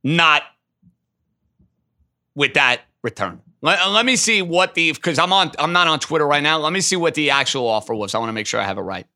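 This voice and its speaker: A man hosting a call-in sports talk show, taking callers and arguing his takes emphatically. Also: on the high side. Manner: emphatic, animated, quick to riff. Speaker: sports radio host.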